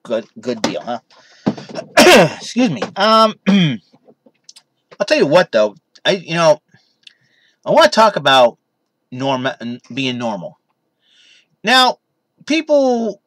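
A man's voice: on the high side, a bit bright, no echo. Young guy rambling on his vlog, voice bounces up and down a lot, dry close sound. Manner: rambling, full of "you know". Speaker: vlogger. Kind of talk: casual vlog chat. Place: his room in his parents' basement.

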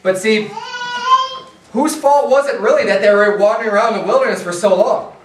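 A man's voice: sits high, brisk, roomy sound, far from the mic, slight background noise, poor audio. A man preaching a sermon as a pastor, in a conversational style with frequent restarts and fillers. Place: church sanctuary.

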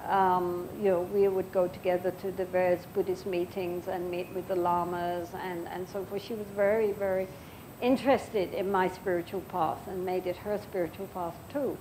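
An older woman giving a Buddhist dharma talk as the teacher, speaking gently and reflectively and telling stories with frequent pauses. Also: lowish voice, steady tone, background noise.

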